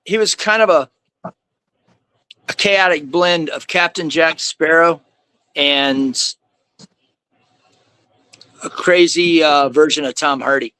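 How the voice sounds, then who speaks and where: A man speaking as a guest in casual conversation, telling stories in an animated way and acting out the people he quotes. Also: on the high side, takes it slowly, long pauses, clear, resonant tone, no echo, low-quality recording. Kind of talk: casual storytelling.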